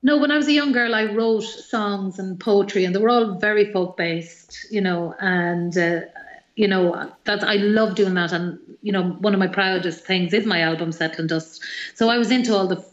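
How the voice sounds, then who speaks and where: A middle-aged woman with an Irish accent, a singer-songwriter telling animated, rambling stories as a guest in an interview. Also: medium pitch, normal speed, roomy sound, muffled recording. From Ireland. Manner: rambling, animated anecdotes with many fillers. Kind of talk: radio interview storytelling.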